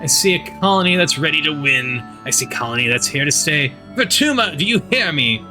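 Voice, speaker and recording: Man reading as stern governor, bright forceful rally voice. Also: sing-song, a little fast, faint music behind, exaggerated voice. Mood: rousing. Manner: booming speechmaking, pushy. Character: stern male colony governor, domineering.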